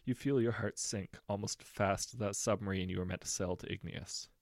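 A man narrating a second-person story in a measured, intimate way. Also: on the low side, fairly even intonation, dry recording, clean studio sound.

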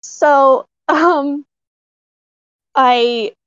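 A woman puppeteer telling a story in casual talk, excited, often laughing and using many fillers. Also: sits high, drawn-out words, no echo. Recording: dry, slightly dull recording.

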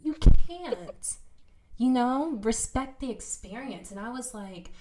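A woman's voice: on the high side, a little slow, background noise. A young woman hosting a casual conversation podcast, telling a story with lots of fillers. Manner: animated storytelling, many fillers. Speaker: podcast host.

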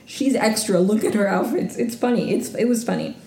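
A woman's voice: medium pitch, a little fast, hardly any pauses, mellow, roomy sound. A woman hosting a podcast, chatting casually and gushing, peppered with "like". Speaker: podcast host recapping reality TV. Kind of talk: casual solo recap.

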